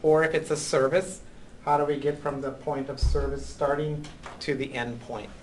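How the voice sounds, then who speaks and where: A man's voice: a little high, fairly even intonation, normal speed, a little mellow, slight background noise, low-quality recording. A man teaching a college class, lecturing with frequent ums and "right?" checks. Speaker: college accounting instructor.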